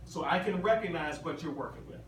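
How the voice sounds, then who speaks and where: A motivational speaker with a fairly high voice talks a little fast, emphatic and repetitive, and keeps quizzing the crowd. His talk in a large convention hall is captured from far away, echoey and with ambient noise.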